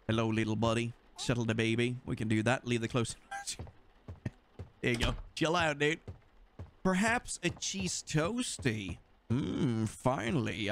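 With slight background noise, a young man from Sweden speaks in a fairly high voice and a Swedish accent. He's a gaming YouTuber giving animated, joking let's-play commentary and chatting away to the game he's playing.

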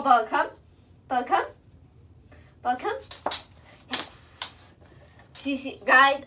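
A woman's voice: high-pitched, sing-song, takes it slowly, pauses often, pushed and bright. A young woman vlogging at home, repeating commands to her dog and gushing with praise, a little out of breath. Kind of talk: casual home vlog.

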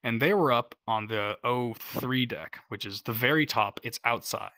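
A man's voice: mid-range voice, moderate pace, sharp tone, no echo. A man from the United States, a Coast Guard veteran, casually telling stories full of "like" and "um" fillers, laughing now and then. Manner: rambling, heavy use of "like" and "um" fillers. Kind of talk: casual storytelling.

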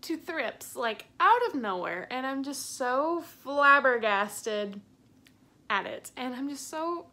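A woman's voice: high voice, expressive, slow pace, sharp tone. A young woman plant vlogger talking casually and ranting in exasperation, with bursts of laughter. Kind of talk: casual vlog.

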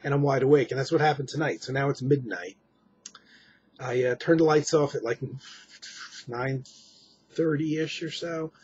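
A man's voice: medium pitch, normal speed, long pauses, a little mellow, husky, dull audio. An exhausted man giving a rambling late-night personal update at home, with many fillers and restarts. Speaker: vlogger.

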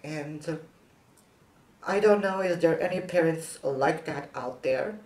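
A woman vlogger telling a personal story in earnest, halting phrasing, speaking through a latex mask. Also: low-pitched, a little mellow, reverberant, rough recording.

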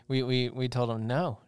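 A young man co-hosting a podcast in casual chat, laughing often and breaking in with halting remarks. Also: medium pitch, clear, resonant tone, dry recording. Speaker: podcast co-host.

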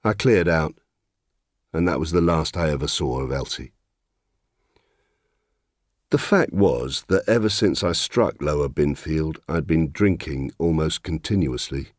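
A man's voice: rumbling low, animated, measured pace, pauses often, no echo, clean studio sound. A middle-aged man narrating in the first person, wry, reflective and plain-spoken.

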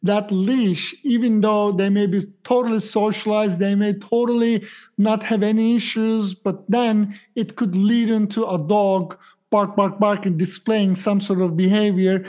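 Mellow-voiced dog trainer explaining. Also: medium pitch, steady tone, measured pace. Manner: explains with acted-out examples and quoted thoughts. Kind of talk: podcast chat explaining dog behavior.

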